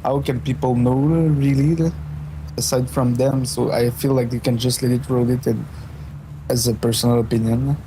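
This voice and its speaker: A man in casual conversation as a guest, speaking hesitantly with many halting fillers. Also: medium pitch, fairly even intonation, background noise.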